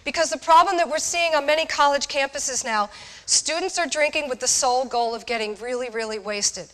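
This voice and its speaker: A woman giving a lively, direct talk to college students, asking the audience questions. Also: high-pitched, a little fast. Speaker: speaker on alcohol awareness. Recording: echoey hall.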